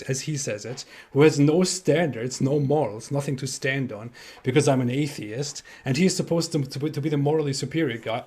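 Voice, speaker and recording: A man's voice: medium pitch, darkish tone, slightly rough. A man co-hosting a casual livestream chat, speaking emphatically, repeating words and laughing. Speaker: co-host.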